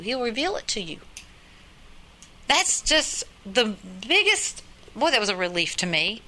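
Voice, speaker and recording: A woman's voice: fairly high pitch, big pitch swings, unhurried, long pauses, bright, forceful tone, low-quality recording. A woman preaching a sermon in an earnest, emphatic way, often repeating her phrases.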